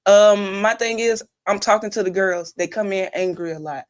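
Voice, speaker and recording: A woman's voice: mid-range voice, moderate pace. A young woman mentoring kids, talking earnestly in a casual conversation and telling stories with quoted advice. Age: young adult.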